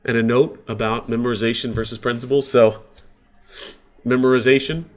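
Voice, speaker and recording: A man's voice: medium pitch, steady tone, moderate pace. A man coaching real estate agents in a casual, conversational sales training talk. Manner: casual, conversational, uses sports examples.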